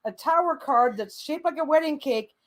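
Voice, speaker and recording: A woman's voice: high-pitched, normal speed. A woman co-hosting a live stream, teasing her partner bluntly with playful exasperation and the odd swear word. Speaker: co-host of a tarot livestream. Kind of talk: casual live-stream chat.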